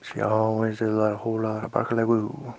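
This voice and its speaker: A man's voice: lowish voice, monotone, fast talker, creaky, darkish tone, a little hiss or hum. A man in his thirties chatting casually with viewers on a live stream. He rambles in a playful way and drifts into silly made-up songs. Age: 30s.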